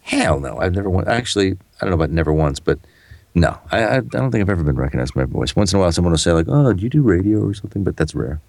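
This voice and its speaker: A middle-aged announcer talks in a quick, gravelly rush. His voice sits fairly low, and the sound is dry and close, with little room around it. He tells stories with animated bursts and a loose, swearing casualness. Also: dry recording. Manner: rapid, animated storytelling with expletives. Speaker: voice-over announcer. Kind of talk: casual podcast chat.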